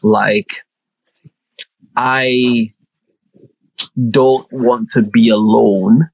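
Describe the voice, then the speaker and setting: Thoughtful young man, husky. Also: medium pitch, steady tone, very slow, no echo, low-quality recording. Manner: reflective, slang-heavy, searching for words. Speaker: podcast co-host. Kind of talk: casual chat.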